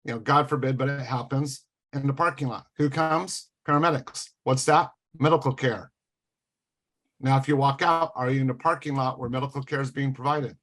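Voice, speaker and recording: A man speaking as a guest on a casual podcast, in a middle-pitched voice. He lays out his points one by one, with a dry, sarcastic edge. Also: steady tone, normal speed, fairly bright tone.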